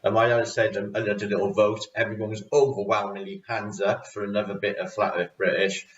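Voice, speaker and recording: A man's voice: on the low side, little pitch movement, fairly quick. A Welsh man from Wales hosting his channel, chatting casually and rambling with frequent laughs. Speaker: channel host. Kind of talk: casual vlog recap. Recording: roomy, distant, dull sound.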